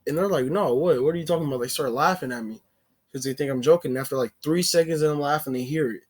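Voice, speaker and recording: A man's voice: a little high, fast talker, darkish tone. A man telling a personal story in a casual, rambling way, full of "like" fillers and self-corrections. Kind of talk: casual story-time narration.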